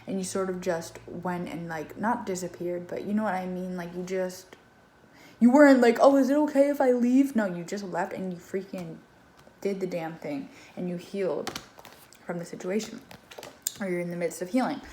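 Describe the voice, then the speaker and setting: A woman's voice: medium pitch, a little mellow. A woman giving a casual tarot reading straight to the viewer, loose and conversational, with plenty of swearing and fillers. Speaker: tarot reader. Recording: echoey room with faint background noise.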